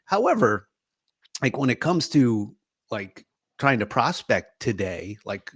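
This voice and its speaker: A middle-aged man co-hosting a podcast, telling stories in a relaxed, casual chat and laughing often. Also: mid-range voice, takes it slowly, slightly rough, dry recording, clean studio sound. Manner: laughing storyteller. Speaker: podcast co-host.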